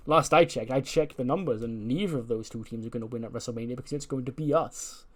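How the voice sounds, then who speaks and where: A man's voice: medium pitch, fast, natural voice. A man voicing a cocky male wrestler with a smug, know-it-all manner. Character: cocky male wrestler, tag team partner.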